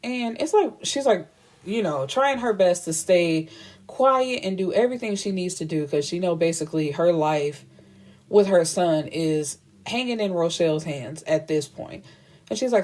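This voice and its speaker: A woman's voice: on the low side, expressive, a little slow, mellow. A woman retelling a book's plot in a casual, blunt and profane way, acting out the dialogue as she goes. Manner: blunt, profane, chatty storytelling with quoted dialogue. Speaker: book reviewer.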